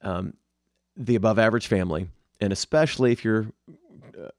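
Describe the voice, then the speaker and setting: A man with a low, gravelly voice chats casually as a podcast co-host, offering practical tips to his listeners. The sound is close and dry, with no room around it. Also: fairly quick, no room sound. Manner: conversational, advice-giving, addresses listeners directly. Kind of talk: casual chat.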